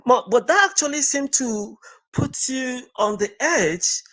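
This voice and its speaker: A man's voice: very high-pitched, lively intonation, unhurried, pushed and bright. A man talking in a wordy, stammering way in a live-stream debate, often apologizing and restarting.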